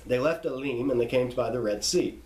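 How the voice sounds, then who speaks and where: A man's voice: mid-range voice, a little mellow, reverberant, rough recording. A man reading a list of scripture names aloud and stopping to explain how to pronounce them, in a teaching tone. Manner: reads name lists slowly, pausing to spell out pronunciations.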